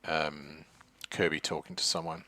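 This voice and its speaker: A man's voice: very deep voice, flat delivery, unhurried, bright, forceful tone. A man narrating as game master, loose and hesitant with many fillers. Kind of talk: narrating a tabletop horror game.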